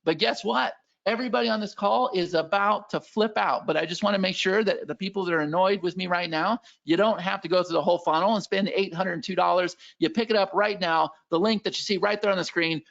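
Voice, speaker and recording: A man giving a hyped, pushy sales pitch as the presenter of a live webinar. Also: a little fast, creaky, hardly any pauses, fairly bright tone, lo-fi sound.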